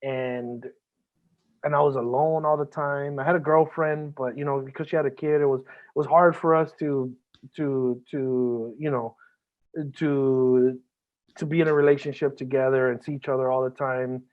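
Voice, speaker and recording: A man's voice: mid-range voice, fairly even intonation, moderate pace. A man as a podcast guest, talking earnestly and emotionally, swearing a lot and often restarting his sentences. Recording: band-limited phone-like audio.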